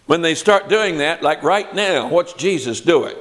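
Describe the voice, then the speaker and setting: A man's voice: a little high, unhurried, few pauses. An older man teaching the Bible in a sermon, reading verses aloud and explaining them with rising emphasis. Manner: expressive preaching, reads scripture aloud with rising emphasis.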